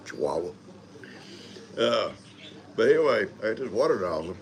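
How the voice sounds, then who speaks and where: A man's voice: on the low side, sing-song, slow pace, slight background noise. An older man hosting a live stream, rambling in a folksy way and greeting viewers one by one. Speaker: livestream host. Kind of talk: casual live chat.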